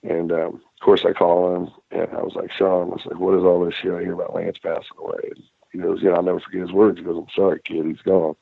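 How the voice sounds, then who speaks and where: A man, a former wrestler, telling a personal story as a podcast guest, blunt and swearing freely with halting restarts, heard over a tinny phone line. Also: low-pitched, monotone, vocal fry, breathy edge, dry recording. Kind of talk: candid storytelling in a conversation.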